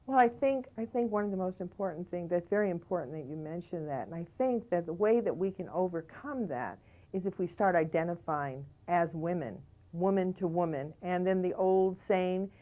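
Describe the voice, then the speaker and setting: A woman's voice: fairly low pitch, a little mellow, muffled recording. Middle-aged woman hosting a studio talk show. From United States. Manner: conversational, emphatic, many "you know"s. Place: community TV studio.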